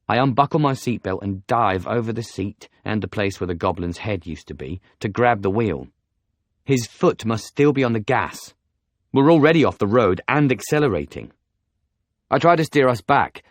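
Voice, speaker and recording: Low-voiced man narrating an audiobook. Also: no room sound. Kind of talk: scripted first-person novel narration.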